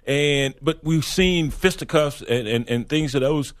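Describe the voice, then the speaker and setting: A man co-hosting a sports radio show, joking and animated as he tells stories. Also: on the high side. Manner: animated, joking, quick to laugh. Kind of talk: casual sports radio chat.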